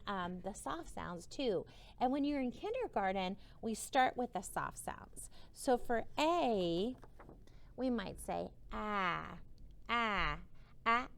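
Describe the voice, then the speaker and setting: A woman teacher giving a slow phonics lesson to young children, sounding out each vowel and gently encouraging them. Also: mid-range voice. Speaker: kindergarten teacher.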